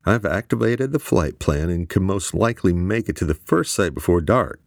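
A man with a deep voice voicing a calm, flirtatious woman pilot. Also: normal speed, gravelly, no room sound, clean studio sound. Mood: cool. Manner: calm, teasing.

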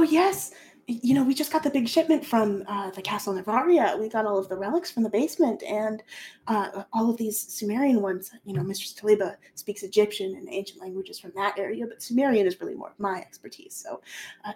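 A man's voice: high voice, a little mellow. A nervous, fussy male translator who frets and hurries over his words, as a woman puts him on in a tabletop game. His voice sits raised and tight, spilling out in anxious bursts. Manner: fretful, rushed, sighing. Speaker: school translator.

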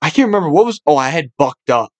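A young man hosting a podcast, talking loud and crude with lots of swearing, jumping into quick voices for the people in his stories. His voice sits a little high for a man. The sound is close and dry. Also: no echo. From Buffalo, New York area. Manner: loud, swearing, storytelling with animated impressions. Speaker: podcast host. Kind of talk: casual podcast chat.

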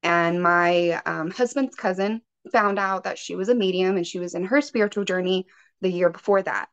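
A woman's voice: lowish voice, moderate pace, clear, resonant tone. A woman guest on a podcast, a spiritual healer, telling her own story in a chatty way with many "like"s and "um"s. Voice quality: chatty, lots of "like" and "um". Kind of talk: casual personal storytelling. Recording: muffled lo-fi podcast audio.

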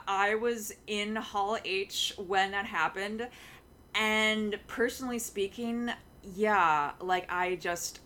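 A young woman co-hosting a casual podcast, telling a fan story with lots of filler sounds and excitement. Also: medium pitch. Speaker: podcast co-host.

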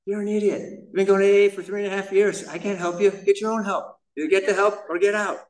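A man putting on the voice of his exasperated young wife, high-pitched, sharp and no-nonsense. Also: steady tone, fast, recorded from a distance, close to an everyday voice, rough recording. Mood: blunt.

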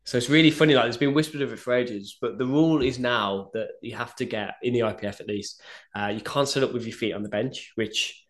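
A man's voice: medium pitch, brisk. A man coaching powerlifting, chatting casually on a podcast and telling stories with animation. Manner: animated storytelling, swears casually.

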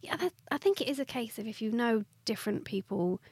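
A young woman from southern England hosts a relaxed podcast chat. She talks in an animated, giggly way, and her voice sounds dry and close to the mic. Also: on the high side, brisk, husky, no room sound. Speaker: podcast host. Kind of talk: casual chat.

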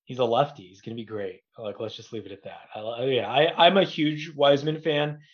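A man who is a podcast guest, talking sports in a relaxed, joking way. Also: medium pitch, fairly quick, highs cut off. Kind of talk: casual sports chat.

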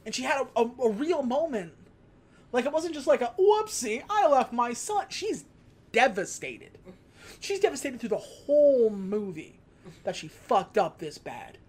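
A woman co-hosting a relaxed podcast chat. She retells a movie plot in a loose, rambling way, with fillers and short acted-out quotes. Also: fairly high pitch, moderate pace, slightly rough. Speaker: podcast co-host. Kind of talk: casual movie recap chat.

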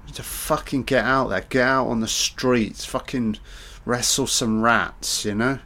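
A man's voice: medium pitch, fairly even intonation, unhurried, pushed and bright. A man giving a casual audio commentary on a film, chatty, joking and swearing a lot.

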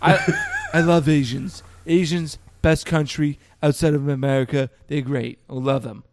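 A man's voice: fairly high pitch, wildly swooping pitch, a little slow. A man co-hosting a film podcast, ranting casually with lots of swearing and jokes. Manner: profane, ranting, jokey. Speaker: podcast co-host.

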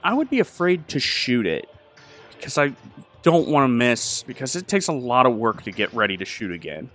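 A man hosting a comedy show, chatting and telling jokes in a playful, animated way. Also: medium pitch, moderate pace, faint music behind. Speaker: podcast host. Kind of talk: comedic chat and joke telling.

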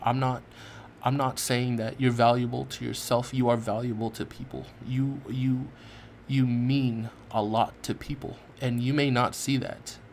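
A man's voice: medium pitch, flat delivery, a little slow, gravelly, a little mellow, a little hiss or hum. A man hosting a podcast, talking earnestly and emotionally about depression, restarting sentences often and swearing freely. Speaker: podcast host. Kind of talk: heartfelt personal monologue.

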